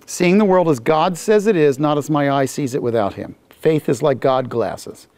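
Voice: mid-range voice, normal speed, a little mellow. A Bible teacher giving a casual, joking classroom lecture and acting out the scenes while reading the text. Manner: jokey and conversational, acting out scenes.

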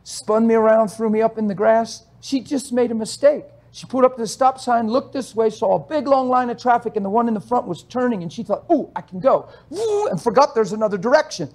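A man preaching a sermon, telling stories with animated swings between loud exhortation and soft asides, often laughing as he goes. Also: extremely high pitch, brisk, hardly any pauses.

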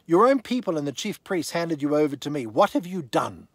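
A man reading the lines of an exasperated Roman governor, louder and pressing. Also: fairly high pitch, very animated, fairly quick, no echo, clean studio sound. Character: exasperated middle-aged male Roman governor.

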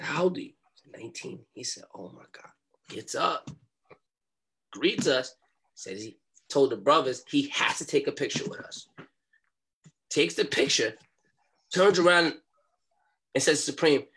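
A young man telling a story as a podcast guest, in animated street talk and acting out what people said. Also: mid-range voice, normal speed, long pauses, a little hiss or hum. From New York.

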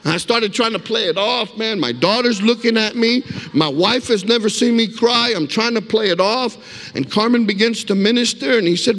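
In an echoey church sanctuary, a guest speaker delivers a sermon built on his personal testimony. His high, slightly bright voice moves at a moderate pace as he tells the story vividly and emphatically, calling the congregation for amens.

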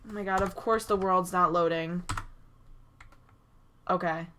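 A woman giving chatty, excitable commentary over a life-sim game, recorded on a desk mic at her computer. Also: fairly low pitch, measured pace, slight background noise. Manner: chatty and excitable, frequent "oh my gosh" and small gasps. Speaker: gaming YouTuber. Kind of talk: casual gameplay commentary.

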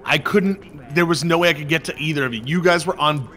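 A man's voice: fairly high pitch, a little fast, pushed and bright. A man streaming a video game with friends, exasperated and swearing, laughing along with them. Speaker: gaming streamer. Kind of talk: casual gaming banter.

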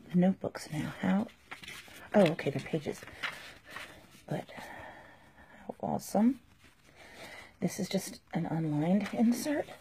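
A woman unboxing on her phone camera, excited and out of breath, gushing and often dropping to a whisper. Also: on the low side, vocal fry, slight background noise. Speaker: vlogger. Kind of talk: unboxing video.

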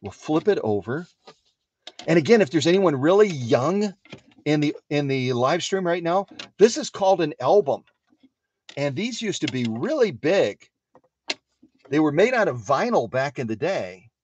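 A man from Wisconsin hosting a casual live stream from his home workshop, chatting to his viewers in an animated way. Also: a little high, measured pace, pauses often, lo-fi sound, a little hiss or hum. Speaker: live-stream host of a sewing machine restoration channel.

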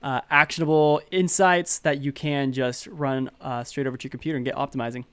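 A man co-hosting a podcast in casual chat, laid-back and pausing often with fillers. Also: medium pitch, steady tone, smooth, dry recording. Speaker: podcast co-host.

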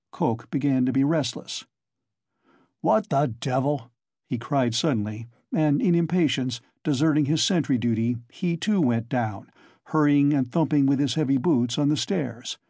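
A man narrating a classic novel as an audiobook in a steady, measured reading. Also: medium pitch, husky, no room sound. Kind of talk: scripted narration.

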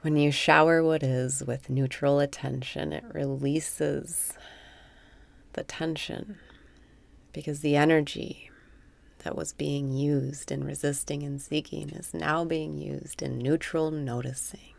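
A woman leading a guided meditation, giving breathy cues and venting her frustration frankly between them. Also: low-pitched. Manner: slow, breathy guidance mixing calm cues with frank, profane venting. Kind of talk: guided meditation with spoken affirmations.

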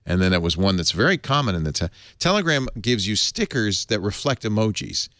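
A man hosting a tech talk show in a studio, chatty and animated. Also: fairly quick, no room sound. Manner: animated, chatty, jumps in pitch. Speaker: host. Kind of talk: casual tech panel chat.

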